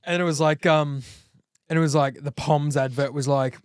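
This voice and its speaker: A young Australian man co-hosting a podcast, full of crude jokes and animated banter. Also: a little high, normal speed, smooth, dry recording, clean studio sound. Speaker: podcast co-host. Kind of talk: casual podcast chat.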